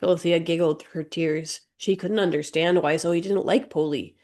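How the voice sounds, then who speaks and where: A woman narrating an audiobook in a measured, gentle storytelling manner. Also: on the low side, steady tone. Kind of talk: scripted narration.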